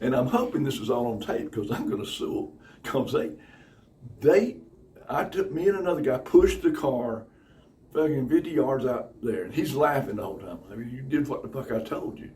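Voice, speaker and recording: A man telling casual stories in an animated, profane way, acting out other people. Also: normal speed. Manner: animated, profane, acts out other people's voices with big pitch jumps and laughter. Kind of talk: casual anecdotal storytelling. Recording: slightly distant mic with faint room noise.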